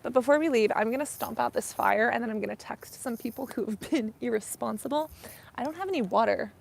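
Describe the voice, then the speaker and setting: Chatty young woman with a gravelly edge. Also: fairly high pitch, fast talker, a little hiss or hum. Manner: chatty, rambling, frequent "like" and "you know". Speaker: skincare YouTuber hosting a live stream. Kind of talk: casual live-stream chat.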